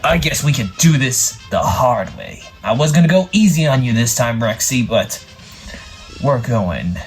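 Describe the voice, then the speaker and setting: A man's voice: medium pitch, animated, faint music behind. A man voicing a smug, scheming villain in a homemade toy video. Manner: smug, menacing, drawn-out.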